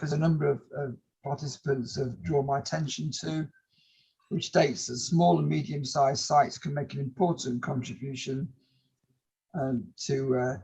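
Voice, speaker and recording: Gravelly, husky-voiced male planning inspector. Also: medium pitch, darkish tone. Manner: polite, measured, reads points aloud with hesitations. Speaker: planning inspector chairing a hearing. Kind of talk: formal hearing, summarising submissions.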